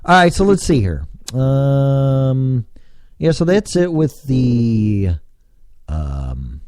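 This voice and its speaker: A man's voice: medium pitch, big pitch swings, extremely slow, darkish tone, no echo, studio quality. An American man hosting a solo podcast, talking casually and rambling with many fillers. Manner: casual, digressive, lots of fillers. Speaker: podcast host.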